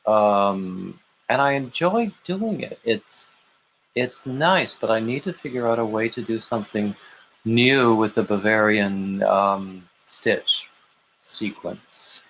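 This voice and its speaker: Slow, rambling man on a muffled livestream. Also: mid-range voice, a bit bright, slight background noise. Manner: rambling, chatty, reads viewer comments aloud. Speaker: livestream host. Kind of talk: casual live-stream chat. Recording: dull lo-fi stream audio.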